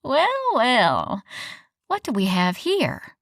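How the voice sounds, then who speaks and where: In an audiobook, a woman voices a petite, smug young woman teasing her friend, using a drawl pitched higher and louder. Her delivery is sing-song at a moderate pace, in clean studio sound with no room sound.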